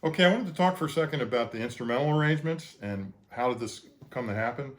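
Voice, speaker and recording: Animated and quick, a man with a mid-range voice explains in casual conversation how he created his choral work. This composer is earnest, drifting into asides with lots of fillers and restarts.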